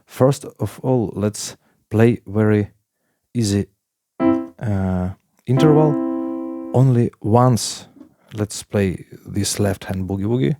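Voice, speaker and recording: A man teaching a piano lesson in plain talk, with halting phrasing, counting beats aloud while he plays. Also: on the low side. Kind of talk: casual piano tutorial. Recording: piano playing loudly alongside.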